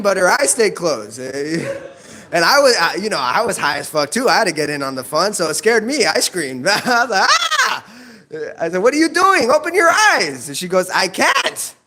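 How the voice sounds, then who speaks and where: A male comic works a small club stage through a handheld mic. His voice sits high, and the delivery is loose and profane, broken up by laughs at his own jokes. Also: a bit bright. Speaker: stand-up comedian. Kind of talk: stand-up set.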